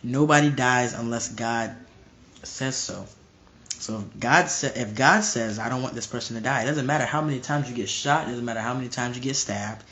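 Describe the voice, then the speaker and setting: A man's voice: mid-range voice, moderate pace, bright, forceful tone. A young man preaching informally to a live stream, emphatic and repetitive, often restarting his phrases.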